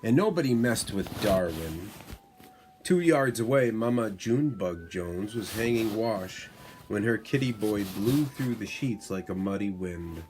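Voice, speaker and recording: A man reading a bedtime story aloud to his child, in a slow, unhurried way. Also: fairly low pitch, expressive, darkish tone, slight background noise. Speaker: father reading to his son.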